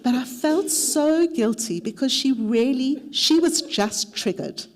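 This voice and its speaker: A woman's voice: sits high, takes it slowly. Candid woman leading a workshop. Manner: candid, self-deprecating, animated storytelling. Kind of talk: workshop talk with personal anecdote.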